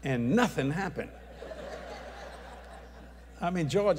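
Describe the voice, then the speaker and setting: A man telling a testimony story as an evangelist, acting out the people in it and raising his voice at the high points. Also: takes it slowly. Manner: animated, acts out dialogue, shouts at climaxes. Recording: long hall reverb.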